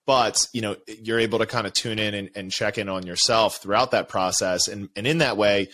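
A man's voice: fairly low pitch, steady tone, a little fast, pushed and bright. Reflective man hosting a podcast. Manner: reflective, rambling, many fillers like "you know". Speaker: podcast host. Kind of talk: casual interview conversation.

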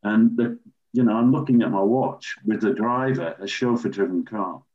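An older man from England, a former referee, telling animated anecdotes as an interview guest. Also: fairly low pitch, normal speed. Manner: animated raconteur, acts out quoted voices. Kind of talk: anecdotal storytelling. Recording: dull lo-fi recording.

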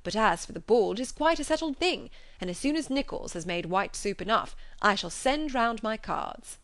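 Woman voicing a cheerful young gentleman. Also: a little high, animated, moderate pace, no echo.

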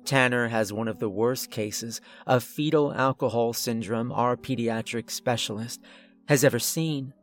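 Cool clinical doctor with menace under the manners, voiced by a man, mid-pitched, faint music behind. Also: natural voice. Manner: polite, measured, conversational. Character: calm, clinically detached male asylum doctor, menacing.

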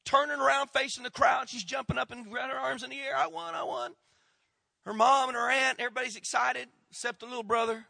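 A middle-aged male pastor telling a story in a sermon, acting out the people he quotes and dropping to a hush at tense moments. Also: very high-pitched, quick pace, vocal fry, hardly any pauses, dry recording, studio quality. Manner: animated storyteller, acts out quoted voices, drops to hushed tones.

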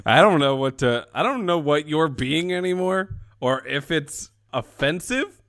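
A man's voice: fairly high pitch, expressive, a little slow, fairly bright tone. A man co-hosting a podcast, trading wry, teasing banter while recapping a TV episode. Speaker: podcast co-host. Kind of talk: casual chat, episode recap.

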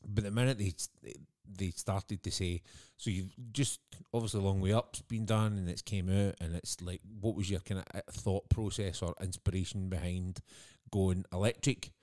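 A Scottish man co-hosts a podcast in relaxed conversation. His voice sits very low, and he tells stories with easy laughter. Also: normal speed, hardly any pauses. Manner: chatty storyteller, laughs often. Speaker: podcast co-host. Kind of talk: casual chat.

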